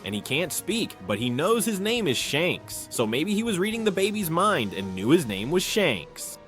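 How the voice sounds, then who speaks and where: A man with a fairly high voice talks through a chapter recap in a relaxed, chatty way. His pitch swings a lot as he retells scenes and drops in musing asides. Soft music plays quietly underneath. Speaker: manga chapter recap commentator. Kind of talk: casual spoken recap with opinions.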